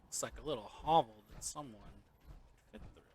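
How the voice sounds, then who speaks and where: Man, mid-pitched voice, rambling let's-play commentary, loud game ambience behind. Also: expressive, fairly quick, a little hiss or hum. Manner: rambling, jokey muttering to himself. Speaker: game streamer. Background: video game ambience.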